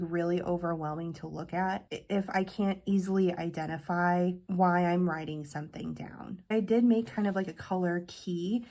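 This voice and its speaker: A young woman chats brightly and enthusiastically to her viewers. Her voice is stuffy and congested, and she sometimes runs short of breath. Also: fairly low pitch. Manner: bubbly, chatty, enthusiastic. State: congested from illness. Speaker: planner vlogger. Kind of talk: casual talk to camera.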